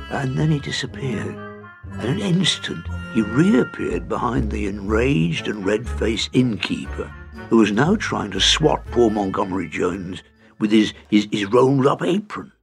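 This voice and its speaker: A man narrating a children's fantasy storybook in an expressive, animated way. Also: lowish voice, measured pace, gravelly, soft background music.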